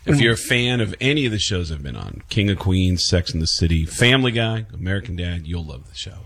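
Husky comic guy from the bronx, fast talker on a talk show. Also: sits low, expressive, a bit bright. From the Bronx, New York. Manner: fast storyteller, jumps into voices. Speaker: comedian and guest.

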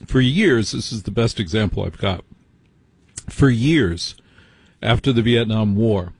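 A man's voice: medium pitch, lively intonation, measured pace, long pauses, slightly rough, no room sound. An American man telling stories in a conversational, conspiratorial way, often restarting his sentences. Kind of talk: casual conversation.

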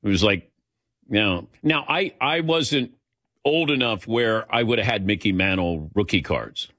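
A man's voice: fairly low pitch, expressive, a little slow, fairly bright tone, no echo, clean studio sound. A man in his sixties hosting a call-in sports radio show, chatty and laughing often. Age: 60s.

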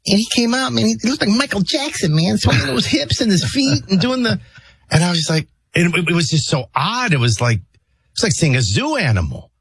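A man's voice: sits high, brisk, vocal fry, breathy edge, no echo. A man hosting a morning radio show, joking through stories and then reading the news headlines. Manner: joking, storytelling, animated. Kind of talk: casual chat and news reading.

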